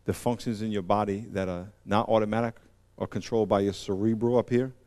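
A man preaching a sermon in a conversational way, with slang and acted-out voices, swinging between quiet asides and loud, emphatic peaks. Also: lowish voice, fairly even intonation, brisk.

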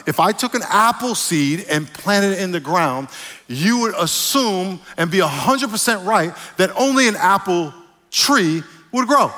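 Preaching with a sharp tone in a voice on the high side, a pastor jokes with the congregation and prompts them to shout back answers in playful call and response. The hall reverb is long.

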